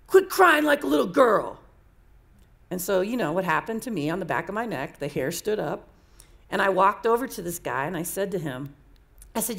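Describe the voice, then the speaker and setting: A coaching speaker with a medium-pitched, slightly bright voice tells an audience personal stories. Her manner is candid and conversational, and she often repeats herself.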